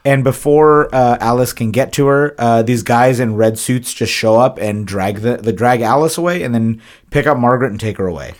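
A man's voice: mid-range voice, moderate pace. Guy on a podcast going over a movie plot, chill, laughs a lot, does little voices for quotes. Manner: relaxed, laughs often, acts out quotes in voices. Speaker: podcast co-host. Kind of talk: casual chat recapping a film.

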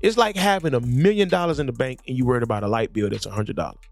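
A man's voice: medium pitch, rapid-fire, vocal fry, dry recording. A man hosting a podcast, animatedly telling stories in casual chat at a studio microphone, often repeating words as he starts sentences. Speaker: podcast host. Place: studio, sitting across from a guest.

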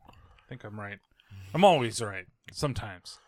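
A man's voice: on the low side, lively intonation, measured pace, darkish tone, no room sound. Guy hosting a podcast, jokey and sweary, laughs a lot, dead dry mic sound. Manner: joking, swears freely, laughs often. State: hiccuping. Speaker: podcast host. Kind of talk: casual podcast chat. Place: indoor studio setup.

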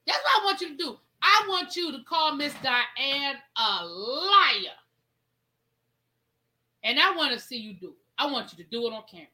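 A woman's voice: sits high, big pitch swings, sharp tone, low-quality recording. A woman hosting a casual commentary show, talking in a sassy, emphatic way and drawing out her repeated phrases. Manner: sassy, emphatic, drawn-out repetitions. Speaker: show host.

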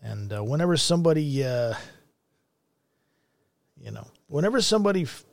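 A man's voice: fairly high pitch, very animated, normal speed, creaky, no echo. A middle-aged man hosting a commentary show, ranting in a blunt, profane and heated way. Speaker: show host.

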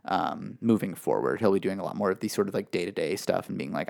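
Chatty low-voiced man explaining at length. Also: fast, vocal fry, a little mellow. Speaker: podcast co-host. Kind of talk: casual wrestling chat.

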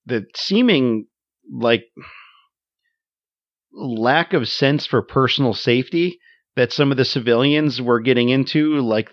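A man speaks in a relaxed, reflective way, circling back with fillers and restarts. The recording is dry and a little muffled, with no sense of a room. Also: medium pitch, no room sound. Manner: thoughtful, many fillers and restarts. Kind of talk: casual conversation about a war film. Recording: slightly dull, dry sound.

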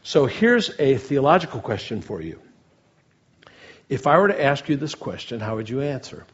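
A man's voice: medium pitch, very animated, moderate pace, highs cut off. A middle-aged man preaching a sermon in an earnest way, asking his listeners questions and leaning hard on key words. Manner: earnest, asks the audience questions, builds emphasis on key words.

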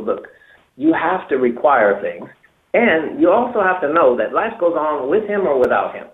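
A man giving emphatic dating advice on a talk show, repeating himself and acting out example phrases. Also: on the high side. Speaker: dating coach. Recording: echoey, tinny phone-like sound.

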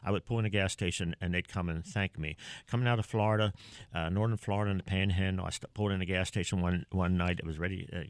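A man's voice: low voice, steady tone, fast talker, smooth, no room sound, clean studio sound. An older man from Pennsylvania being interviewed, telling stories earnestly with many fillers and restarts. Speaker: interview guest. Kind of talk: conversational storytelling.

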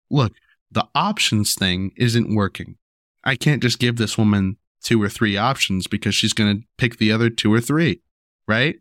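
A young man talking casually about raising his daughter, rambling and restarting, repeating "you know" and "right?", and going higher when he acts out what he tells her. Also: a bit bright, dry recording, clean studio sound. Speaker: father sharing parenting advice. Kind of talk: casual monologue to camera.

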